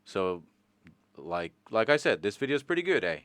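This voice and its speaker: A Canadian man with a low, smooth, resonant voice, rambling through a casual podcast chat full of jokes and the odd swear word. The sound is dry and close, with almost no room around him. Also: very animated, normal speed, a bit bright, no echo. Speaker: podcast host.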